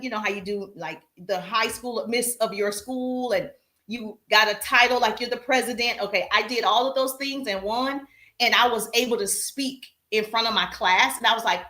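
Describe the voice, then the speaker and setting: A woman's voice: fairly high pitch, normal speed, reverberant. A woman with a Southern US accent, coaching on sales in a chatty live-stream talk, speaking straight to her audience. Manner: animated, chatty, addresses audience directly.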